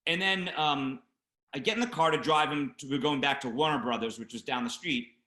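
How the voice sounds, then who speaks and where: A man, a film producer, telling a long story as an interview guest, acting out shouted lines of the people in it. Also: a little high, a little fast, roomy sound. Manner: animated anecdote teller, acts out shouting voices. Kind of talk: casual storytelling.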